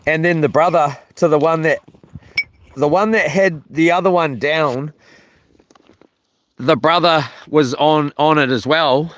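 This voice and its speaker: Camping by himself, a man talks loosely to his live viewers in a slightly high, fairly even voice that is a bit bright. He is unhurried, with long pauses, greets chat members, meanders, loses his thread and curses mildly, over slight background noise.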